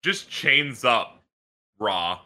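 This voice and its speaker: A young man co-hosting a podcast in casual chat, animated and laughing often. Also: mid-range voice, extremely slow. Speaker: podcast co-host.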